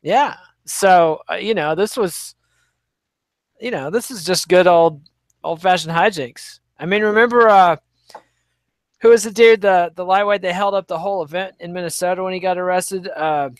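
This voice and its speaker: A man with a high-pitched voice talks on a podcast, offering wry commentary that meanders with plenty of fillers. The sound is dry and close. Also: moderate pace, no echo. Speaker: podcast co-host. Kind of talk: casual chat.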